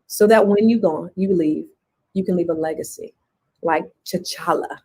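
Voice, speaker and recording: A woman's voice: on the low side, moderate pace, dark tone, breathy edge. A woman co-hosting a live talk show, chatting casually, affirming her partner and repeating phrases for emphasis. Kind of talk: casual chat.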